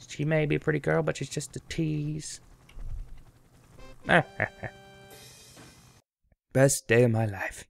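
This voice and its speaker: Young man, gravelly, slow-talking, goofy rambling game commentary. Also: on the high side, fairly even intonation, darkish tone, a little hiss or hum. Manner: goofy, rambling, sings snatches of song. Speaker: let's play commentator. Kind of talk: casual gameplay commentary.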